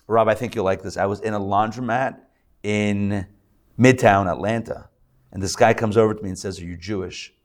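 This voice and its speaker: Before a live audience, a rabbi teaches in a male voice on the low side, steady in tone and at normal speed. His delivery is chatty, with joking asides and many fillers and restarts.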